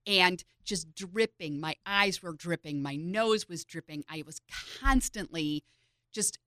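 A woman co-hosting a podcast, telling stories in a rambling, animated way. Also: fairly low pitch, unhurried, no room sound, clean studio sound. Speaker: podcast co-host. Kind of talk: casual chat.

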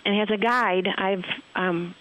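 A woman's voice: mid-range voice, fairly even intonation, a little slow, fairly bright tone, low-quality recording. A woman fly fishing guide telling a heartfelt story in conversation, rambling and emotional with many fillers.

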